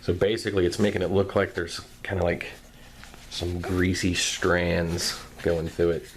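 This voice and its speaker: A man with a very deep, low voice talks through a craft tutorial one step at a time. He is calm and soft-spoken throughout. Faint room noise hums behind him. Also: measured pace. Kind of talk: voice-over craft tutorial narration.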